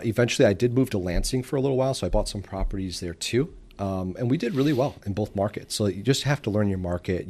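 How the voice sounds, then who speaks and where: A man from the Detroit suburbs talks in a low voice as a guest on a casual interview show. He tells his stories with energy, and he briefly acts out the voices of the people he describes. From Detroit suburbs, Michigan. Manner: animated storyteller who acts out quoted voices. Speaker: guest entrepreneur.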